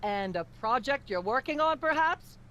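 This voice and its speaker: A woman's voice: high voice, expressive, normal speed, fairly bright tone, a little hiss or hum. An actress voicing a smarmy female talk-show host in a cartoon adventure game, affected and condescending. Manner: affected, condescending, calls guests dear.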